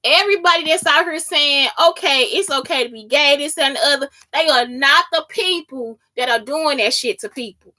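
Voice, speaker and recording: High, bright-voiced woman ranting. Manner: heated, profane, keeps asking listeners if they understand. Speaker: podcast host. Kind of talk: casual solo monologue.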